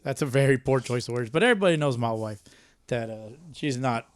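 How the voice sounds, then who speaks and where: A man in his thirties hosting a podcast, cursing freely and joking in bursts of loud banter. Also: mid-range voice, animated, fairly quick, no room sound. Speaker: podcast host.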